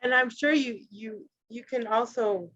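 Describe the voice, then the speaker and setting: A woman's voice: fairly high pitch, unhurried, fairly bright tone. A woman hosting an interview, asking questions hesitantly and searching for words. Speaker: host. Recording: dry dull lo-fi recording.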